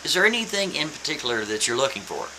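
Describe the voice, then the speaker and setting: A man's voice: fairly high pitch, big pitch swings, fast talker, noisy background. Man doing a smug store owner. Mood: polite. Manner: condescending, dismissive.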